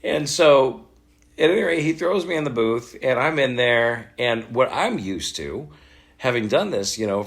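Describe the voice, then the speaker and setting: A middle-aged man, a voice actor, telling a story in a casual interview, animated and laughing as he acts out what others said. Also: medium pitch. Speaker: voice actor guest.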